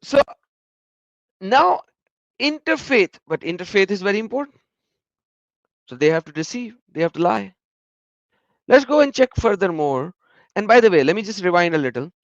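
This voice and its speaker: A man's voice: sits high, big pitch swings, normal speed, pauses often, no echo, highs cut off. A man giving reaction commentary on video clips, emphatic and repeating words for stress.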